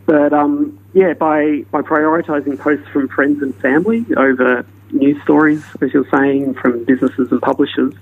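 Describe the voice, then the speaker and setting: Gravelly Australian man on a phone line. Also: on the high side, little pitch movement. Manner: measured, explanatory, many ums. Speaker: guest researcher. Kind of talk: radio interview.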